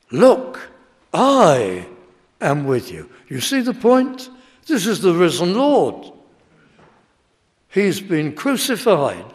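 Slow, lively-voiced preacher man in a hall. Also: sits high. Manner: emphatic, building with rising intensity. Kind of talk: sermon. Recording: long reverb of a large hall.

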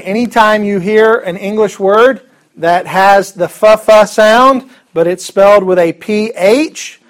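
A man teaching a Bible class in a casual, joking way, chuckling often and restarting his sentences. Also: high-pitched.

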